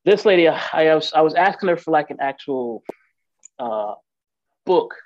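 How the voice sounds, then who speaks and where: A man casually telling an emotional personal story, candid and animated, acting out the lines of the people in it. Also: on the high side, moderate pace, no echo, muffled recording. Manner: emotional, candid, animated retelling with quoted dialogue. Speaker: guest telling his story.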